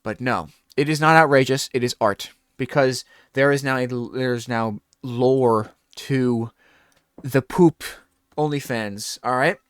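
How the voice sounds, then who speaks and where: A man's voice: medium pitch, takes it slowly, smooth, no echo. A man hosting a talk show, telling a rambling comedic bit and acting out scenes. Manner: animated, rambling, acts out scenes.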